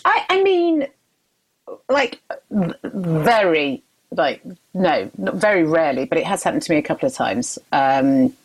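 A woman's voice: low-pitched, big pitch swings, measured pace, breathy edge, rough recording. British female comedian, frank casual podcast talk. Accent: British English.

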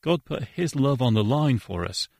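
A man's voice: medium pitch, lively intonation, normal speed, gravelly, darkish tone, no room sound, studio quality. A man co-hosting a Christian radio programme, speaking in an earnest, preacherly way and quoting scripture. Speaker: radio co-host.

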